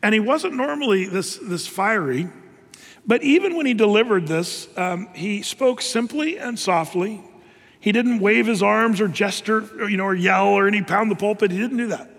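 A man's voice: sits high, moderate pace, creaky, fairly bright tone. A man preaching a sermon in a loose, conversational way, full of fillers and restarts. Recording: long hall reverb.

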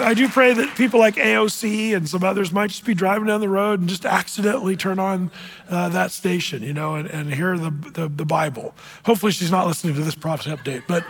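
A man giving an informal sermon as a pastor, halting in his talk and slowing down to read scripture deliberately. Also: high-pitched, a bit bright, big-room sound. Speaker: pastor giving a prophecy update.

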